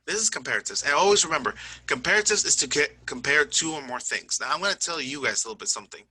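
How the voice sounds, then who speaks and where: A man's voice: fairly high pitch, animated, quick pace, bright, forceful tone, slightly rough, dry recording, low-quality recording. A man teaching an English grammar lesson over a screen recording, explaining step by step, often checking in with "okay?" and owning small slips. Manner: self-correcting, says "my bad".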